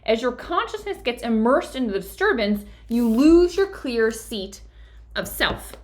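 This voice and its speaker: A woman's voice: on the high side, very animated, measured pace. A woman leading a live-streamed book discussion as a spiritual teacher, enthusiastic and chatty, laughing often and checking in with "right?".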